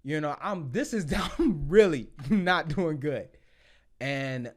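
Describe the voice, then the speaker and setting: A man in his thirties telling his story as a podcast guest, blunt and profane, loud when excited and quiet when reflective. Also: a little high, slow. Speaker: podcast guest, Marine sergeant. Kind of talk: casual storytelling.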